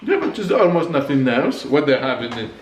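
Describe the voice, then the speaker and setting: A man's voice: fairly high pitch, big pitch swings, a little fast. A man bantering with his wife in their home kitchen, teasing and joking, laughing often. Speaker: vlog co-host, husband. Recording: echoey kitchen, faint noise.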